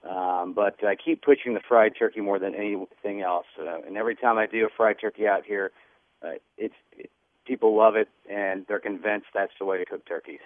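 A man with a Southern US accent calls into a radio show as a guest chef. His voice sits low and he stumbles through fillers. The sound is a tinny, dry phone line. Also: steady tone, dry recording. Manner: halting, filler-heavy. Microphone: telephone.

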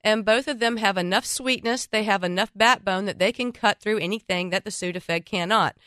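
A woman's voice: mid-range voice, normal speed, fairly bright tone, no echo, clean studio sound. A woman hosting a radio talk show, chatting in a self-mocking, joking way while congested from a cold. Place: radio studio.

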